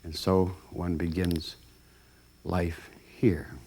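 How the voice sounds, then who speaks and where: A man's voice: low-pitched, drawn-out words, a little hiss or hum. A man giving a storytelling talk, acting out the voices of the people in it, with plenty of ums and uhs. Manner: animated, acts out voices, many fillers. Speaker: lecturer.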